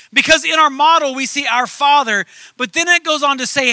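A man's voice: high-pitched, sharp tone, no room sound. A male pastor preaching a sermon in a conversational way that builds to emphatic points.

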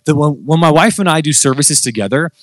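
A man in his thirties preaches with an animated, self-deprecating storytelling style. His voice sits a little higher than most men's and leaps even higher when he gets excited. The sound is dry and close. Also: brisk, no echo. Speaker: guest preacher. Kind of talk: sermon storytelling.

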